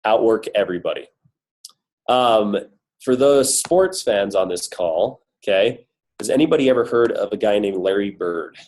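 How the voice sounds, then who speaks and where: A man's voice: on the low side, normal speed, a little mellow, poor audio. A man with a cold giving an upbeat, emphatic motivational talk on a team coaching call, full of rhetorical questions. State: has a cold, voice worn. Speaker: corporate guest speaker on a team call.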